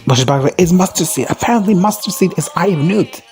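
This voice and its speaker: A man giving a casual, profane, rambling recap of a show, now and then jumping into high-pitched voices to quote characters. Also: lively intonation, fast, darkish tone, soft background music. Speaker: recap vlogger.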